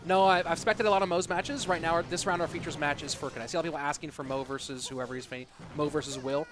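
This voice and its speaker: A man's voice: on the high side, fairly even intonation, fast talker. A man casting an esports tournament on a live stream, chatting casually and answering viewer questions between matches with plenty of ums and uhs. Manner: casual, answers chat questions with frequent fillers.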